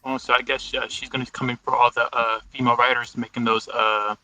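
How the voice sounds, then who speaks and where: A man's voice: medium pitch, level tone, fairly quick, pushed and bright, poor audio. A man ranting in a casual group chat, with many hesitations.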